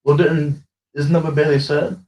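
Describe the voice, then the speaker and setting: A man's voice: fairly high pitch, level tone, moderate pace, darkish tone. A man chatting casually, chiming in with questions and joking side comments. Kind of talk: casual chat. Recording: voice a bit distant from the mic.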